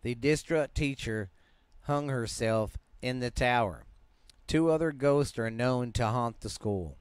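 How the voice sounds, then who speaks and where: Slow, laid-back Southern man reading. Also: mid-range voice, animated, clear, resonant tone, no echo. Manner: stumbling, restarting words while reading. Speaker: podcast host. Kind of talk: casual storytelling, reading ghost stories aloud.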